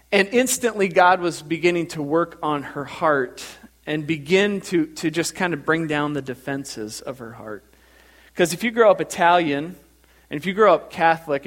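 A male pastor preaching a sermon in a church, telling stories in an animated way and repeating words as he builds up. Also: on the high side.

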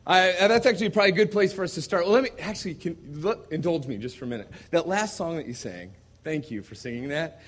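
A man's voice: a little high, fast. American man preaching, raised voice. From United States. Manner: conversational, swings from quiet asides to loud emphatic preaching. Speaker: visiting missionary preacher. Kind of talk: sermon with storytelling. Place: church service before a congregation.

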